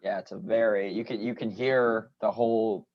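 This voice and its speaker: A man's voice: fairly low pitch, steady tone, moderate pace, no room sound. A man co-hosting a podcast, casually discussing a TV episode in a loose way, full of "you know" fillers. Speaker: podcast co-host. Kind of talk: casual show recap chat. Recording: dry, dull lo-fi sound.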